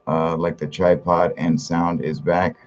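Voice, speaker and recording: A man's voice: deep voice, flat delivery, unhurried, muffled recording. A man hosting a live stream in casual chat, talking loosely and profanely, chuckling often and greeting viewers by name. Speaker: livestream host.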